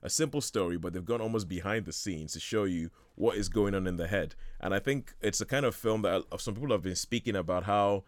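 A man with a slightly low voice rambles eagerly about a film, full of false starts and quick laughs. The sound is dry and close, with no room echo at all. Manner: enthusiastic, rambling, laughs often. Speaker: film reviewer on a radio show. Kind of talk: casual chat.

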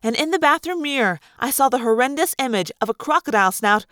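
A woman narrates a first-person story aloud with dramatic, animated delivery. Her voice is high, and its pitch leaps around expressively. The recording is close and dry, with no room echo. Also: quick pace. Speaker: audiobook reader.

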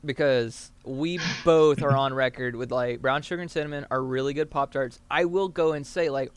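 A man's voice: mid-range voice, fairly even intonation, normal speed, clear, resonant tone, no room sound. A man from the American South, co-hosting a podcast in casual, rambling chat full of fillers. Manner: rambling, filler-heavy, laughs often. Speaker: podcast co-host.

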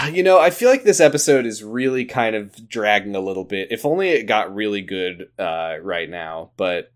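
Low-voiced man recapping with lively jokes. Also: moderate pace. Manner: joking, retells scenes with acted quotes. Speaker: podcast co-host. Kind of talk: casual episode recap.

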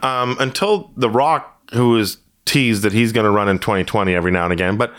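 A man's voice: fairly low pitch, brisk, a bit bright. Joking man in casual podcast banter. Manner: joking banter, sings snippets and riffs on bits. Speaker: podcast co-host. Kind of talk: casual chat.

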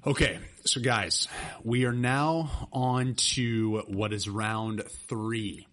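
A middle-aged man hosting a casual podcast chat, rambling and excitable. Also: lowish voice, very slow. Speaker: podcast host.

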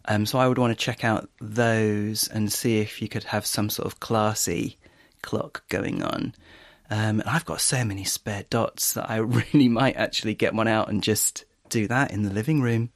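A middle-aged man co-hosting a podcast, talking in a soft, laid-back way while he tries out a smart speaker app. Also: fairly low pitch, fairly even intonation, normal speed, hardly any pauses, no room sound, clean studio sound. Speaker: podcast co-host. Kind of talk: casual chat, demonstrating a smart speaker app.

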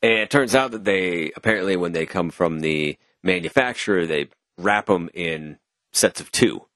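A man's voice: low voice, normal speed, a bit bright, no room sound, clean studio sound. A young man co-hosting a podcast, chatting casually and telling rambling jokey stories into a podcast mic with a pop filter. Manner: joking, rambling storyteller. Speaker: podcast co-host. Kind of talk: casual chat.

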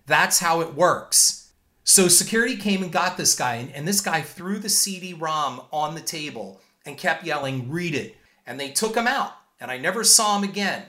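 A man hosts his own show and recounts run-ins from his career in an emphatic monologue. His voice sits a little high and comes across bright and forceful. He stays firm and indignant, setting out his points in numbered order. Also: expressive, normal speed. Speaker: filmmaker and show host. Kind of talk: storytelling monologue.

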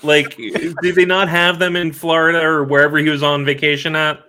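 A man's voice: fairly high pitch, flat delivery, moderate pace, bright, forceful tone, a little hiss or hum. A man co-hosting a casual sports podcast, making wry, teasing remarks. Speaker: podcast co-host.

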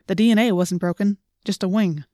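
A woman's voice: mid-range voice, fairly even intonation, brisk, warm tone, no room sound, clean studio sound, close to an everyday voice. A woman reading as a sarcastic teenage boy. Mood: mocking. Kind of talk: audiobook reading.

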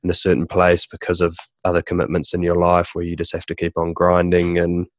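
Very deep, flat-voiced man. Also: dry recording, studio quality. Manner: reflective, supportive, quick to agree. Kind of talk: conversational interview.

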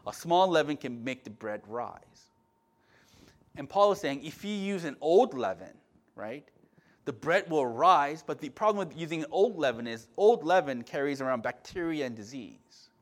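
A man preaching a sermon as pastor, impassioned, swinging between loud emphatic lines and quiet asides, often restarting and repeating words. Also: fairly high pitch, expressive, normal speed.

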